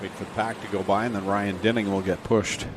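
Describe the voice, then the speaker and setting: A man's voice: lowish voice, level tone, brisk, noisy background. A man announcing a live race at an outdoor speedway, calling flags, restarts and battles, and laughing easily with his partner. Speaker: race commentator.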